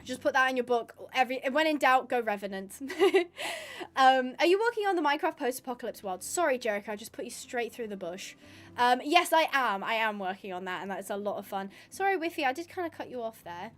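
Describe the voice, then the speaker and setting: A woman's voice: fairly high pitch, animated, brisk, fairly bright tone. A young woman chatting casually on a live stream while she plays, rambling with lots of fillers and restarts. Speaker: streamer and roleplayer.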